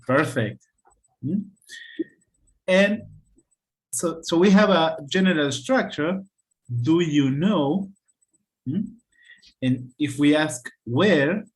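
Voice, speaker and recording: Slow, patient male English teacher. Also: on the high side. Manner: patient, checks in with "hmm?" often. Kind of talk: online class teaching.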